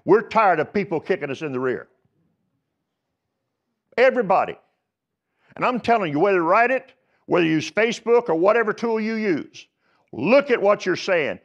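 A male pastor delivers a sermon in a voice a little higher than most men's. He tells homespun stories and then presses his point with rising insistence. The church recording sounds somewhat dull and lo-fi. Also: animated, normal speed, long pauses. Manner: folksy storytelling preaching, building to emphatic exhortation. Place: church sanctuary.

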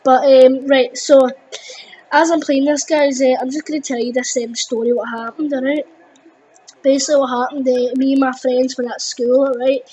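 A teenage girl, commenting on her gameplay in an excitable, rambling way with lots of fillers. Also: high voice, normal speed, slightly rough, rough recording. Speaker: gaming video host.

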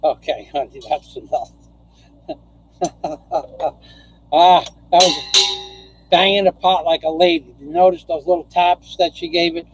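A man's voice: sits high, level tone, measured pace, long pauses, background noise. A man hosting a casual live stream, chatting with viewers, laughing often and ranting with profanity. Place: home in the Philippines.

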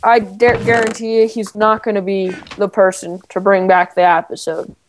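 A man's voice: high-pitched, flat delivery, moderate pace. A male player in casual game chat with friends, grumbling and sarcastic. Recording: noisy home mic with clicks.

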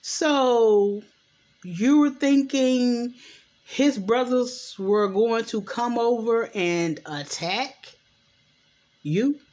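A woman's voice: fairly high pitch, drawn-out words, darkish tone. A young adult woman chatting at home in a loose, rambling way, recapping a TV episode and often saying "anywho.". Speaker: TV recap vlogger. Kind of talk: casual recap chat. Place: home at night. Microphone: camera mic.

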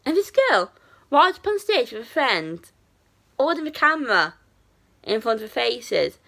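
A woman's voice: fairly high pitch, sing-song, a little slow, gravelly, sharp tone. A young woman, telling a story in a casual, chatty way with plenty of fillers and restarts. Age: young adult. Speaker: vlogger.

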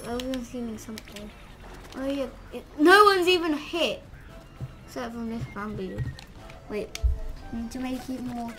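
A woman giving casual gameplay commentary, excitable and trash-talking, with lots of "literally" and "like". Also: on the high side. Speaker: gamer. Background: game music.

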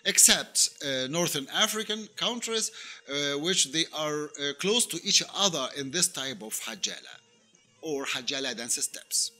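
A man's voice: on the high side, expressive, measured pace, sharp tone, soft background music. A man, talking to camera in a casual vlog as a dance teacher, hesitant with many fillers and self-corrections.

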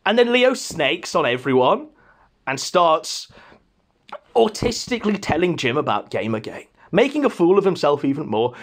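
A man hosting a podcast, ranting in a mocking, scornful way. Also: sits high. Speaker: podcast host. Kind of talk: casual ranting commentary.

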